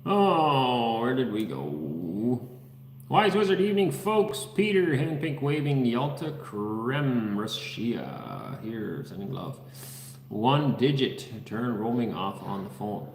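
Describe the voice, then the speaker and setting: Speaking slowly in a mid-range, sing-song voice, a Dutch man hosts an easygoing livestream and reads viewer comments and names aloud. He's in an unfinished house under construction, and the reverberant, big-room sound carries slight background noise.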